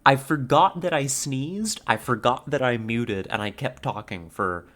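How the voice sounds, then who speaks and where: Slow, rambling playful male streamer. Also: medium pitch, fairly bright tone, faint music behind. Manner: rambling, playful, laughs often. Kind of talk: casual stream sign-off chat.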